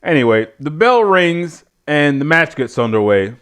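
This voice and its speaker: A man's voice: fairly high pitch, very animated, normal speed, a bit bright, smooth. A man hosting a casual review show who rambles sardonically and swears freely. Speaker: show host reviewing wrestling. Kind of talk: casual profane rant.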